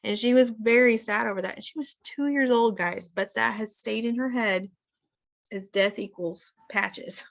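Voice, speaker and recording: A woman's voice: a little high, moderate pace, creaky. A woman in her thirties leading a casual live wellness session over a video call, chatty and often addressing her listeners as guys.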